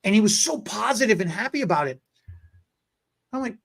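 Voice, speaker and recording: A man hosting a podcast, telling a story in a casual, animated, rambling way. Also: high voice, a little fast, gravelly, long pauses. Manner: animated, rambling, many fillers and restarts. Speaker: podcast host.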